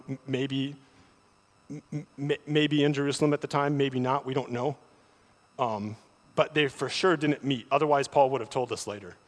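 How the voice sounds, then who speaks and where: A man preaching a sermon, often repeating words as he starts a thought, with animated delivery. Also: medium pitch. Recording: long hall reverb.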